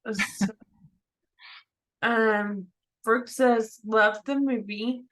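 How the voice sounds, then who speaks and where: A woman moderating a Q&A over a video call, reading out audience questions in a measured, friendly way. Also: fairly high pitch, steady tone, fairly bright tone, low-quality recording.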